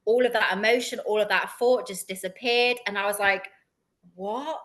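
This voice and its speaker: A woman's voice: medium pitch, steady tone, a little fast, fairly bright tone. A woman co-hosting a spiritual lesson, candidly telling a personal story. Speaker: co-host.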